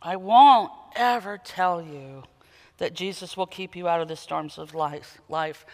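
A man preaching a sermon, dramatic, moving from quiet intensity to loud emphatic peaks. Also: fairly high pitch, unhurried. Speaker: pastor. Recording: long hall reverb.

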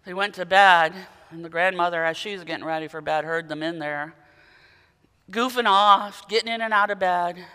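Man giving a sermon in a big church, dramatic, soft then loud, bright clear voice with a long echo. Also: high voice, moderate pace. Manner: dramatic, quiet intensity building to loud emphatic peaks. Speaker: pastor. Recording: long hall reverb.

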